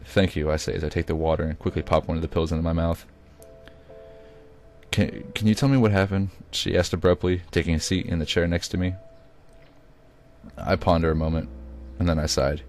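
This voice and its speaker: A man with a very low, deep voice reads his own first-person story aloud. The delivery is amateur, with occasional stumbles and restarts. Faint music plays behind him. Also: level tone, quick pace, a little mellow. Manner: occasional stumbles and self-corrections. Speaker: reader.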